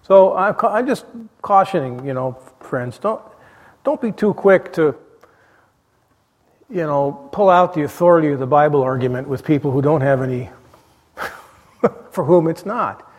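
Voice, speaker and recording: A man leads a church Bible study class, talking in an easygoing, rambling way full of fillers and false starts. His voice sits a little high for a man. It carries the long reverb of a large hall. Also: animated, measured pace, long pauses, a little mellow. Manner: rambling, with frequent "you know" fillers and restarts. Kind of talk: conversational church class teaching.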